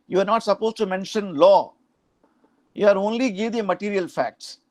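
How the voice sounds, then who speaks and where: Indian male law professor, middle-aged, high and dry-toned, lecturing students with frequent "huh?" checks. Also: no echo. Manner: explanatory, frequent "huh?" and "uh" asides, mixes in Hindi phrases.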